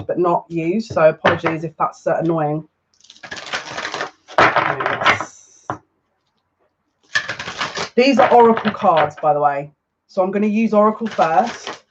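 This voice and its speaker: A woman doing a chatty live tarot reading who is excitable and gushing and often restarts her sentences. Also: lowish voice, lo-fi sound, slight background noise. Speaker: psychic tarot reader.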